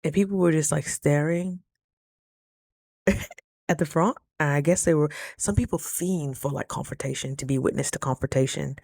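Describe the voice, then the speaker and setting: A woman's voice: low-pitched, moderate pace, gravelly, darkish tone, dry recording, clean studio sound. A woman telling a story to her viewers in a casual, chatty vlog and calling them "girl.". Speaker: vlogger.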